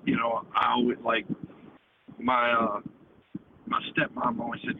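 A man's voice: mid-range voice, lively intonation, brisk, vocal fry. A man calling in to a talk show, rambling and profane, ending nearly every phrase with "man". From United States. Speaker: caller. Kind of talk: casual call-in chat. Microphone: phone call. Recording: tinny phone line with noise.

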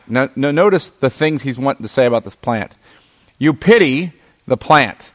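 A man's voice: medium pitch, expressive, normal speed. A man teaching a Bible passage to a group, reading verses aloud and then explaining them, checking in often with his listeners. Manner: reads scripture aloud, then explains it with frequent "right?" checks. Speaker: preacher.

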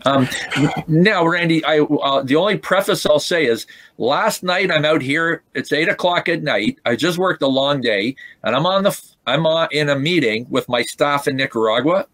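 A man guest in a podcast interview, telling a moving story in an emotional, halting way with many restarts. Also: fairly high pitch, a bit bright, dry recording.

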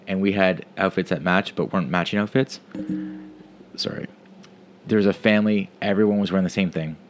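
A man's voice: low voice, steady tone, brisk, faint music behind. A man telling a rambling, profane story about his vacation in a casual monologue.

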